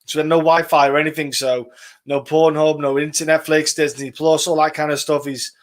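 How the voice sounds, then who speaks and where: A talkative man hosts a live stream of fight predictions, his voice sitting a little high for a man. He chats loosely, calls people "man" and "brother", and swears freely as he reads out viewer comments. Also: little pitch movement, a little fast. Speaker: podcast host.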